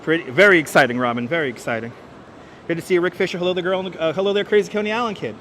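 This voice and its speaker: A man's voice: fairly high pitch, racing, fairly bright tone, slight background noise. Upbeat man greeting livestream viewers. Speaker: livestream host. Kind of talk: walking livestream, reading chat aloud. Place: city streets and a large indoor station hall. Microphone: wireless clip-on mic.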